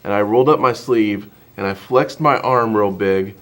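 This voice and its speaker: A man's voice: fairly low pitch, moderate pace, a bit bright. A man, a pastor and co-host, telling a family story in casual chat in a TV studio. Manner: anecdotal storytelling with fillers.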